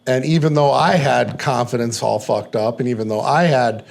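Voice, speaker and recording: Gravelly man telling a rambling story. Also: mid-range voice, moderate pace, slight background noise. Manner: rambling, profane, many "like" fillers. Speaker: podcast guest. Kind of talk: casual personal storytelling.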